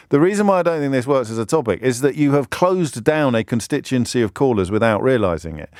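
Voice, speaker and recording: Radio host, English man, wry and self-mocking, lively swinging delivery, dry close studio sound. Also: medium pitch, no room sound. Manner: wry, rambling, self-mocking, searching aloud for words. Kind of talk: talk radio monologue.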